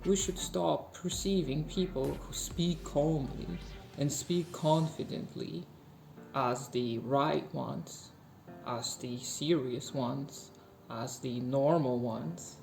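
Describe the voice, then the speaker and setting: A woman speaking slowly, softly and in a measured way, reflecting calmly in a personal video monologue. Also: very deep voice, gravelly, reverberant, soft background music. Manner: slow, soft, faint and measured. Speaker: video essayist.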